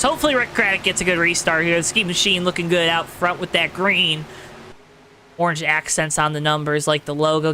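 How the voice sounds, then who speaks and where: Talking directly to the folks watching, a race commentator calls an online sim race in an exaggerated announcer voice. His high-pitched voice sounds pushed and bright, on a rough recording with slight background noise.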